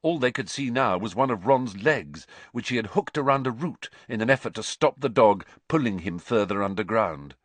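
A man with a low voice narrates a story with dramatic, expressive delivery, his pitch rising and falling widely. He is recorded close on a studio mic in a dry, dead room. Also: normal speed, few pauses, dry recording. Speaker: audiobook narrator. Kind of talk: scripted narration.

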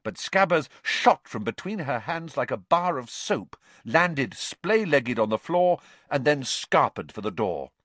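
Animated male storybook narrator. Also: medium pitch, a little slow, few pauses, no room sound. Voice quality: expressive, animated reading. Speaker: audiobook narrator.

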